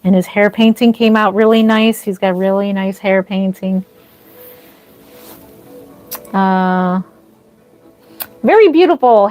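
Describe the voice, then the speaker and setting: Speaking at a medium pitch with a darkish tone, this livestream host and reborn doll artist keeps things casual with her viewers. She's easily touched and gushes thanks often whenever gifts arrive.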